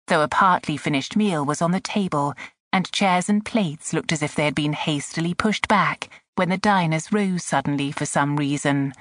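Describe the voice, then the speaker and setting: A woman reading a classic novel as an audiobook in a measured voice that drops to a hush at tense moments. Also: deep voice, dry recording, studio quality. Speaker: audiobook narrator. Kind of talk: scripted audiobook narration. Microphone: close studio mic.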